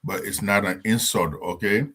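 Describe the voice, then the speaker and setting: Casting: very low, deep Liberian male guest, halting delivery with lots of fillers. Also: fairly even intonation, a bit bright, slightly rough. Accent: Liberian English. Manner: deep voice, hesitant with many fillers. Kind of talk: casual talk show chat.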